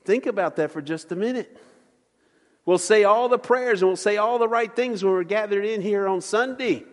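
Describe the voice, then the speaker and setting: Folksy preacher in a reverberant church. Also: male voice, sits high, normal speed. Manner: folksy preaching, acts out voices in stories. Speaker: pastor. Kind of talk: sermon. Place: church sanctuary.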